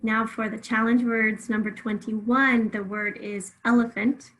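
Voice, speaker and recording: A woman teacher with a fairly high voice works through a spelling lesson. She speaks clearly and deliberately, stretching out syllables so each sound can be heard. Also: little pitch movement, fairly bright tone, poor audio.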